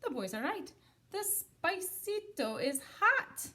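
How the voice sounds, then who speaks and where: A woman voicing an excitable boy kitten who thinks he is a chihuahua, high and bouncy with lots of exclaiming. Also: takes it slowly, full character voice. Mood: excited.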